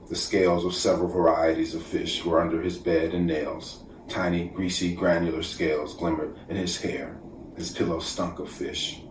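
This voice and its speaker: A poet with a very low voice reads his poems slowly and deliberately at a virtual festival, sometimes sinking to a near whisper. He seems far from the mic in an echoey room at home, with a faint hiss of background noise.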